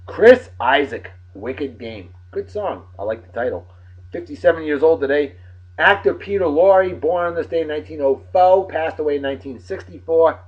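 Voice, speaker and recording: A man from Massachusetts with a Massachusetts accent, hosting a casual solo show, rowdy and boastful, breaking into loud whoops. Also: fairly high pitch, expressive, moderate pace, husky, lo-fi sound. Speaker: host.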